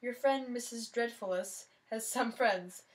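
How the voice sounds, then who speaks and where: An easygoing, clueless teenage boy in a storybook reading, as a woman puts him on. He sounds excitable and eager, a little higher than the narration around him, and is never quite sure what he did wrong. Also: unhurried, natural voice. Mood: teasing.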